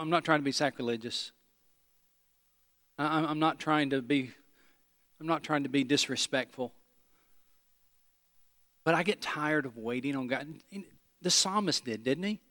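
A man preaching a sermon, swinging between loud emphatic lines and hushed low ones, repeating phrases as he talks straight to the congregation. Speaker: pastor.

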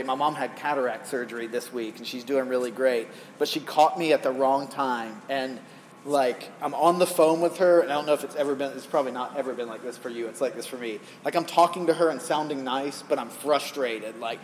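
A man's voice: mid-range voice, fairly quick. A middle-aged man preaching a conversational sermon, telling stories and asking the congregation rhetorical questions from a stage mic. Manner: animated, storytelling, rhetorical questions to the crowd. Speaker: pastor. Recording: long hall reverb, faint background noise.

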